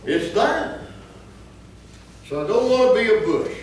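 A man pastor preaching a sermon, telling funny stories and then breaking into emphatic, shouted points. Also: extremely high pitch, big pitch swings, measured pace, a little hiss or hum. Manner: humorous storytelling that rises into emphatic preaching. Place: church sanctuary. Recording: echoey church from far off.

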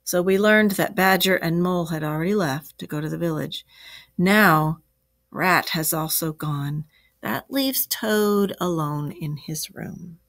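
A woman teacher reads a story aloud to young children in an expressive, lilting way and pauses to ask them gentle questions. Her voice is somewhat low for a woman. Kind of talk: classroom read-aloud.

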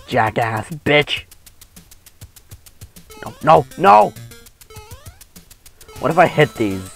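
Gravelly, trash-talking male gamer. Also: on the high side, sing-song, extremely slow, pauses often, faint music behind. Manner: crude trash-talking, swears and yells. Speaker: gamer co-host. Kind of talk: gameplay commentary.

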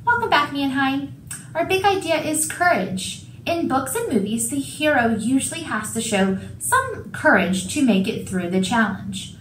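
A woman's voice: high-pitched, big pitch swings, measured pace, a bit bright, roomy sound, slight background noise, rough recording. Encouraging woman reading school announcements. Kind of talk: reading a morning announcement script.

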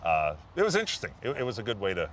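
Low-voiced man telling stories. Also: very fast, noisy background. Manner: relaxed, self-deprecating anecdotes with many fillers. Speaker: guest, retired hockey player. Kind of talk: casual interview storytelling.

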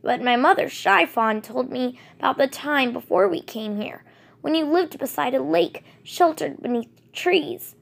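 A woman voicing an old golden tabby tomcat, once noble, speaking calmly and steadily. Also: high-pitched, a little slow, gravelly, voice pushed up, heavily acted. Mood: earnest.

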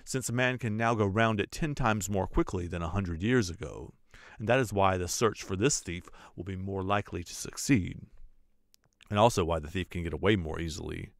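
A man voicing an earnest gentleman making a reasoned case, in a gravelly, dry voice. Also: sits low, moderate pace, no room sound.

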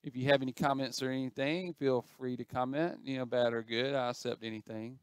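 A man's voice: mid-range voice, fairly even intonation, a little fast, smooth, no room sound, clean studio sound. A man giving chatty, self-mocking commentary as he plays an online game, talking to the other players on screen. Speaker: gaming channel host. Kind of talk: casual gameplay commentary.

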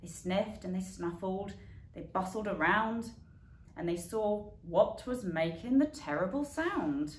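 A woman reading a rhyming bedtime story aloud as a lively storyteller who yowls and barks the animal sounds. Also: on the low side, unhurried. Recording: echoey room with faint background noise.

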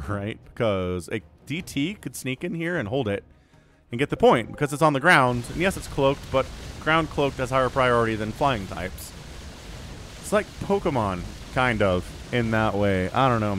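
A young man casting a strategy game match, excitable and rambling, laughing and shouting at big plays. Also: mid-range voice, moderate pace, slight background noise. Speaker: game caster. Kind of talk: esports commentary.

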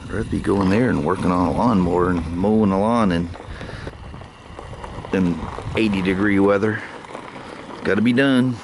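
A man vlogging casually about his day outdoors, rambling and laughing often as he gets excited. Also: sits low, normal speed, pauses often. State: out of breath. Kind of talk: casual vlog talk. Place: outdoors, yard and on a motorcycle. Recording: clear outdoor noise, vehicle sounds.

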